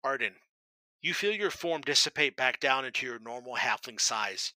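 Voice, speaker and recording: A man's voice: mid-range voice, no echo, rough recording. A man narrating a tabletop game as game master, describing the action and calling for rolls. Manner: steady, descriptive narration with brisk rule calls.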